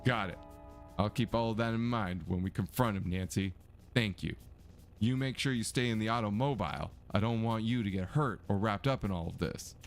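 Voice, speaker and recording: A man reading as a calm, formal lawman. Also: lowish voice, moderate pace, faint music behind, close to an everyday voice. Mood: reassuring.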